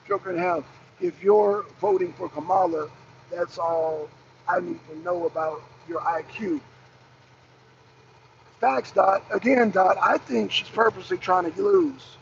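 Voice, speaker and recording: On dull, slightly noisy lo-fi stream audio, a woman with a fairly low, creaky voice hosts a political livestream, speaking a little slowly. She emphatically hammers the same rhetorical questions again and again and responds to viewers in the chat.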